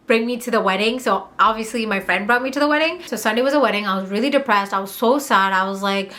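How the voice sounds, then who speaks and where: A young woman from Montreal telling a candid, heated storytime on her vlog, swearing and rushing through asides. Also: medium pitch, bright, forceful tone. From Montreal, Canada. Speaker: vlogger.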